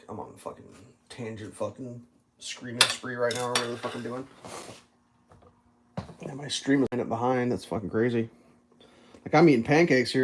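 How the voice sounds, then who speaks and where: A live streamer telling traffic stories in a rambling, profane rant, full of "like" and acted-out outbursts. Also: mid-range voice. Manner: profane, ranting, heavy use of "like"; animated, acts out other drivers in loud bursts.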